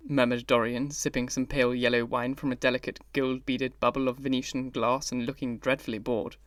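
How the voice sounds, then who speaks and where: A man's voice: medium pitch, level tone, brisk, hardly any pauses, fairly bright tone, no room sound, studio quality, distant mic. Man narrating a classic audiobook. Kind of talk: scripted narration.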